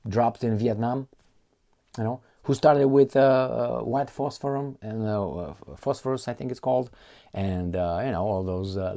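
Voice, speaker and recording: Sarcastic man with a lively, swooping voice. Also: on the low side. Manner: sarcastic, mocking, animated. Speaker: political commentator. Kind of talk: casual commentary reading articles.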